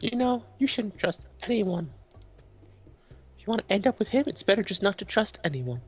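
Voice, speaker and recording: A woman's voice: mid-range voice, very animated, normal speed, husky, soft background music. A woman voicing a sly, teasing male cat-boy in a game playthrough. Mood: warning.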